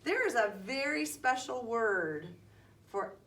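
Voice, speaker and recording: A woman's voice: on the high side, sing-song, slow, a bit bright. A woman teaching young children, patient and encouraging, asking questions and calling on them by name. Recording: distant mic, faint background noise.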